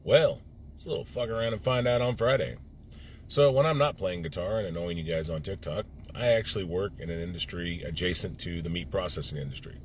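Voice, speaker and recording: A man telling a story in a relaxed, casual way. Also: deep voice, fairly quick, slight background noise. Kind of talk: casual chat.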